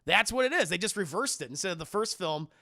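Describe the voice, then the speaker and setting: A man recapping a movie scene by scene for his live chat, swearing freely and acting out every beat. His voice is heavily gravelly, with a bright, forceful edge. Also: high voice, quick pace. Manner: animated, swearing, acts out scenes. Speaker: streamer film reviewer.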